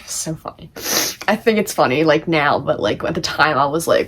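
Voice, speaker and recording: Teen girl, student, casual book summary, lots of likes and fillers, slightly low voice. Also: expressive, a little slow, husky. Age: teens. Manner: chatty, many likes and fillers, laughing.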